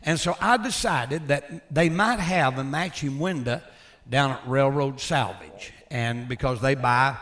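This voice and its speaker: An older man, a former pastor and builder, tells stories from his life in a folksy, animated way, chuckling as he goes. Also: mid-range voice, a little slow. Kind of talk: casual storytelling.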